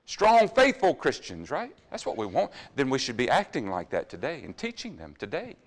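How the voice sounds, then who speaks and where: A man preaching a sermon in a church, earnestly putting question after question to the congregation and dropping to quiet asides now and then. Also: mid-range voice, wildly swooping pitch, moderate pace. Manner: drops to quiet asides about running over time.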